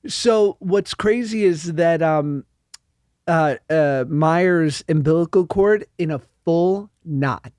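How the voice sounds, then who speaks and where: Joking dad in casual chat. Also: male voice, a little high, takes it slowly, darkish tone, dry recording. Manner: jokey, laughs often, self-mocking. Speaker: podcast host.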